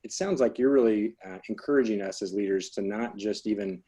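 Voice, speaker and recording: A middle-aged man interviews a guest, and his rambling questions wander through many fillers. His voice is low and husky with a dark tone. He talks fast. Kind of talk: conversational webinar interview.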